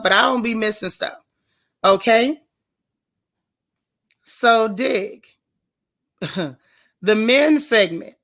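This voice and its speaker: A woman's voice: mid-range voice, fairly bright tone. A woman hosting a casual livestream, greeting viewers by name and chatting in a folksy, talkative way. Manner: chatty, folksy, drawls "y'all" and "child". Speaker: host of a reality TV recap livestream.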